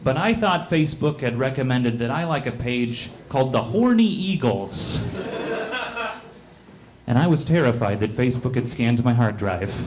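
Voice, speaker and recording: A man performing a stand-up comedy set on a club stage into a handheld mic, telling stories deadpan and acting out the voices of the people in them. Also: mid-range voice, a little fast, few pauses, noisy background. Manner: deadpan storytelling with acted-out voices.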